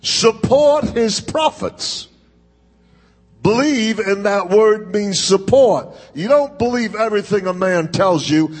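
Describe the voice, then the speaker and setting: A male pastor preaching a sermon in a church sanctuary, with drawn-out, emphatic phrasing and call-and-response to his congregation. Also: high voice, big-room sound, soft background music.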